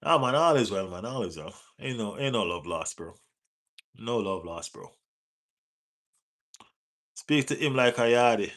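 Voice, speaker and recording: A man with a Jamaican accent hosting a live football stream, answering viewer chat in relaxed patois-tinged talk and urging viewers to like the page. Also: fairly low pitch, unhurried, long pauses. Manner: reads out and answers viewer chat, teases, urges likes. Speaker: football livestream host.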